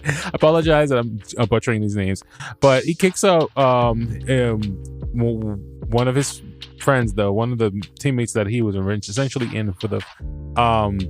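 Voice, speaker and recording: A man hosting a podcast, recapping a show in a casual, rambling way, stammering and restarting, laughing at himself and swearing freely. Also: medium pitch. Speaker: podcast host reviewing a show.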